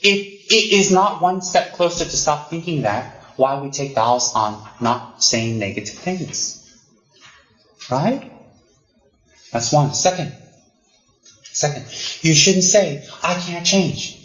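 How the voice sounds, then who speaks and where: A man's voice: a little high, slow, pauses often. Man giving a teasing Dharma talk, roomy sound. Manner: animated and teasing, mimics students' excuses. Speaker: Buddhist lama. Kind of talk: Dharma teaching to students. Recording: roomy, dull lo-fi hall recording.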